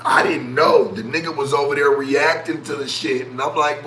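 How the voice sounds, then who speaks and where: Mocking someone mid-story, this man, a streamer and talk show host, rants casually and profanely to his chat in a voice on the high side and fairly bright. He keeps a normal speed with hardly any pauses, recorded in an echoey room with faint ambient noise.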